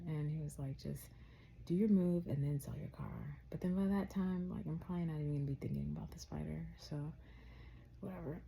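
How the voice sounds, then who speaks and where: A young woman vlogger telling a casual story, animated and quoting herself in a raised voice. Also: deep voice, creaky, breathy edge.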